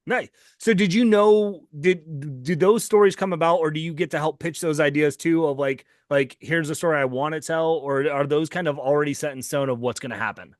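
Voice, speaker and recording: A man's voice: on the high side, brisk, dry recording. Man hosting an interview, dry sound. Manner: friendly, hesitant questions with fillers. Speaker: comic show host, interviewer. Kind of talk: casual interview chat.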